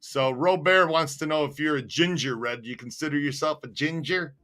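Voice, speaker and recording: A man's voice: on the high side, a little fast, bright, forceful tone. A man co-hosting a casual live-stream chat, joking around and laughing often. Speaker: co-host.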